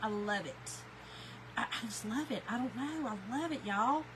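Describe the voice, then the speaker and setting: This crafting livestream host, a middle-aged woman from Kentucky with a Southern accent, reads live comments and tells homespun stories in a casual chat. Her voice sits on the high side and sounds animated at a moderate pace; the audio quality is poor, with a bit of background noise.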